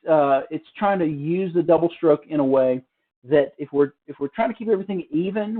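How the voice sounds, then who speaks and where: A man giving a relaxed, casual drum lesson from a hotel room, explaining with fillers and restarts. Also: mid-range voice, narrow, tinny audio. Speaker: drum teacher. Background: drum practice pad.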